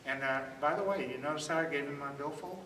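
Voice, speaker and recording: A man's voice: a little high, fast, bright, forceful tone, slight background noise. A man teaching a self-defense workshop in a conversational, demonstrative way, often checking in with "okay?". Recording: echoey room from far off.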